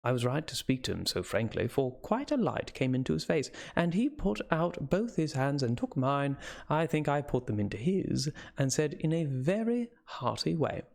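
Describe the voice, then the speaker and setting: A man's voice: fairly high pitch, big pitch swings, moderate pace, vocal fry, a little mellow. A man voicing a sweet, emotional young Victorian woman writing a letter, in a gushing and tender manner.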